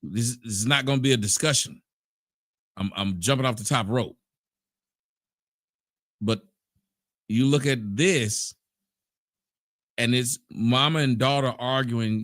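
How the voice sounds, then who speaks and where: A man's voice: mid-range voice, a little slow, pauses often, fairly bright tone, no echo, clean studio sound. A man hosting a casual commentary chat, blunt and slangy with a streetwise bravado. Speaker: commentary show host.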